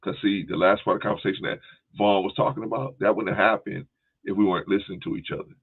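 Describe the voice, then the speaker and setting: A man's voice: deep voice, fairly even intonation, quick pace, slightly rough. A male podcast host chatting casually, with a laid-back, rambling manner and frequent "right?" and "y'all". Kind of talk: casual chat. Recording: tinny phone-like line.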